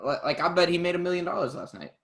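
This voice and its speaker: A man's voice: sits high, racing, a bit bright. Chatty laughing man co-host. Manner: chatty, laughs easily, trails off with fillers. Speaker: podcast co-host. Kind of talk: casual chat about MMA.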